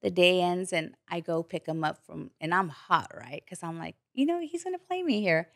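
Animated, swearing woman telling a story. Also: fairly low pitch, normal speed, no room sound, studio quality. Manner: animated, acts out quoted voices, swears freely. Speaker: podcast guest. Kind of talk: candid storytelling chat.

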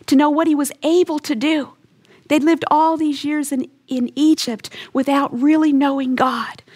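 A woman's voice: high-pitched, darkish tone, husky. A woman giving a radio Bible teaching, earnest and emphatic, leaning into key words.

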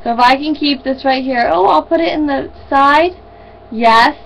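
Young woman with a high voice chatting to her camera at home, animated, laughs a lot while telling a story. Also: moderate pace, gravelly, a little hiss or hum, low-quality recording. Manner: animated, laughing storyteller who acts out quotes. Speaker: vlogger and student. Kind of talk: casual video diary. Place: indoors at home. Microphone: camera built-in mic.

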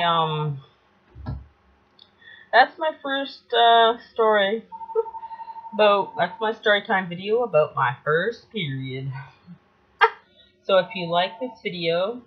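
Chatty young woman on lo-fi audio. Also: lowish voice. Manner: chatty, rambling, self-correcting. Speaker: vlogger. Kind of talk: casual storytime vlog. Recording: dull lo-fi home video audio.

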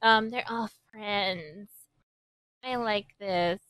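A woman's voice: medium pitch, very slow, a bit bright, smooth, no room sound, clean studio sound. A young woman from Hawaii hosting an anime reaction, commenting as she watches with gasps, squeals and giggly outbursts.

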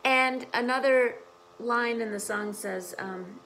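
An American woman teaching English, speaking very slowly and patiently so learners can follow. Her voice is fairly high but hoarse from the morning. She repeats key phrases and explains carefully. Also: fairly bright tone, slight background noise, low-quality recording. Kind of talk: explaining song lyrics to learners.

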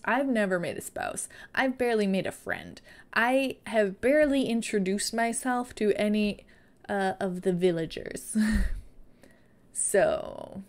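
A woman chatting casually and playfully on a live stream, now and then baby-talking to her dog. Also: medium pitch.

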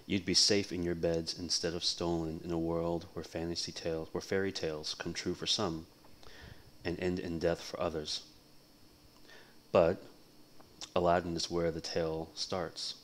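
Deep-voiced man reading a novel aloud. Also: normal speed. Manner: casual, relaxed, chats between passages. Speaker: livestream book reader. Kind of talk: reading a novel aloud, casual cold read.

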